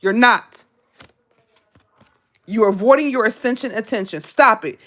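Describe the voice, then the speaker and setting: A woman delivers a live tarot reading as a scolding monologue. Her voice sits on the high side, and she is blunt and profane, hammering the same lines again and again. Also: measured pace. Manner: repetitive, confrontational. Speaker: tarot reader.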